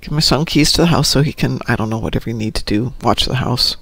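A man's voice: mid-range voice, quick pace, gravelly, fairly bright tone, husky, no room sound. A middle-aged man hosting a casual morning show, rambling and poking fun at himself. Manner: rambling and self-mocking.

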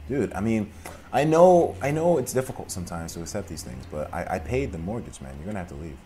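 A young man giving casual, profane let's play commentary, drifting between mumbled asides and loud outbursts. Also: fairly low pitch, very animated, fast talker, faint music behind. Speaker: gaming commentator.

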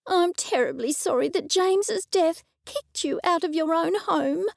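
A woman voicing a sympathetic woman friend in an audiobook, speaking gently with concern. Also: extremely high pitch, measured pace, vocal fry, no echo, clean studio sound, pitched above the performer's own voice, full character voice.

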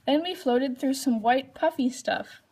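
A woman's voice: high voice, unhurried, darkish tone, husky. A woman reading a children's storybook aloud, lifting her voice for the characters' lines. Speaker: reader.

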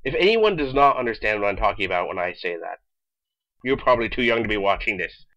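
A young man delivering a sarcastic, exasperated comedic rant in an animated way, on slightly dull lo-fi audio. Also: fairly low pitch, fast talker, no echo. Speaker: vlogger.

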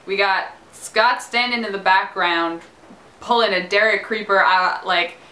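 A young woman hosting a casual fan recap, talking in an animated, dramatic way. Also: medium pitch, a little slow. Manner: animated, dramatic fangirl talk. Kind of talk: casual chat. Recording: echoey room, faint noise.

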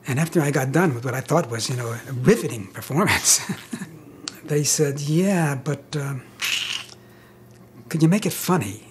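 An older man in an interview, telling anecdotes in a wry, self-deprecating way with soft laughs. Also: medium pitch, a little slow, pauses often, background noise. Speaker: interviewee, actor.

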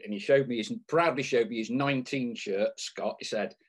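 A man's voice: medium pitch, moderate pace, husky. A man hosting a podcast, asking rambling, chatty questions with lots of fillers. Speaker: podcast host. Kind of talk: casual interview.

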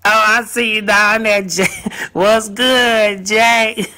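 A man's voice: high-pitched, steady tone, extremely slow, pushed and bright, full character voice. A man playing bumbling slangy ex-con goof. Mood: cheeky. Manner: slangy, bumbling, stammering apologies. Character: goofy young man fresh out of prison, clueless and apologetic. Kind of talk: church comedy skit.

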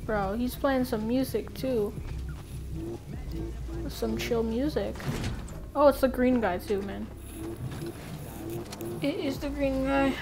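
A woman giving playful, excitable commentary over her own gameplay, full of quick exclamations. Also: fairly high pitch, vocal fry, music in the background. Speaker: gaming video creator.

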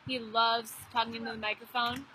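Teen girl commentator, higher voice, chatty with jokes, noisy outdoor venue. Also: flat delivery, fairly quick. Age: teens. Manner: chatty, joking asides. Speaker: volleyball commentator. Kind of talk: live sports commentary. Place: outdoor beach volleyball event.

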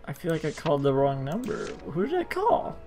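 A man's voice: a little high, huge pitch swings, brisk, a little mellow, faint music behind. A man hosting a let's play, rambling in casual commentary with frequent stammers and self-interruptions.

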